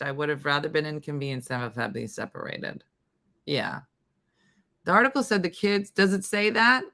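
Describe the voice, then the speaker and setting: Middle-aged woman host, low voice with a bright edge, loose and chatty on a live stream. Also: vocal fry. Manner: chatty, reacting to viewer comments. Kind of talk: casual live-stream chat.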